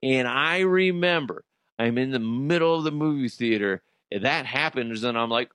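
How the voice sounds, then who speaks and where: A man doing a comedic podcast monologue who keeps jumping into loud, exasperated voices. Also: mid-range voice, lively intonation, a little fast, no room sound, studio quality. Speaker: podcast host.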